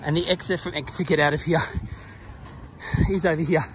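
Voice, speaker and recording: A man's voice: on the high side, fairly even intonation, brisk, a little hiss or hum. A man narrating a casual travel vlog outdoors at a pyramid site, chatty and laughing often, out of breath from the climb. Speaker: travel vlogger.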